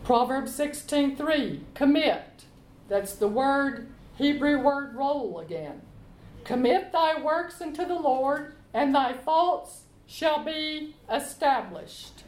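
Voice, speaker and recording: Slow, high-voiced woman teaching Bible study. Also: lively intonation, darkish tone. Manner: slow, deliberate, reads scripture aloud and explains it. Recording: echoey room.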